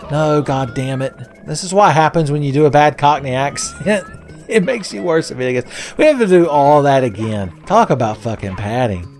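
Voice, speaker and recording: A man's voice: mid-range voice, darkish tone. A man in a mid-range voice doing casual let's-play commentary. He rambles through sarcastic, foul-mouthed asides, with faint music under him. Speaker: gaming video host.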